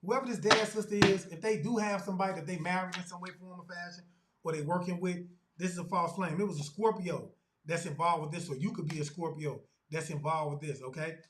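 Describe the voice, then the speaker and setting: A man's voice: sits high, steady tone, brisk, noisy background. A man giving a tarot reading as a spiritual medium, talking to viewers in an emphatic, repetitive way and calling on spirit aloud between statements. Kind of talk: channel tarot reading monologue.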